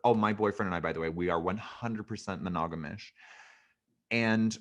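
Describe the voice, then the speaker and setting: A man from Canada with a fairly low voice, guesting on a podcast. He chats casually and tells jokey stories with campy flair. He is quick to mock himself. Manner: campy, animated, self-mocking storyteller. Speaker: guest comedian.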